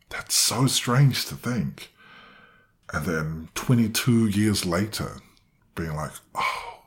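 A young man in his twenties tells a personal story in a wandering, self-deprecating way, acting out the voices of the people in it. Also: deep voice.

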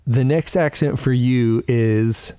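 Brief: male podcast co-host, relaxed and rambling, dry room. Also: mid-range voice, slow, smooth, dry recording. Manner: rambling, easygoing, laughs often. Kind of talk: casual podcast chat.

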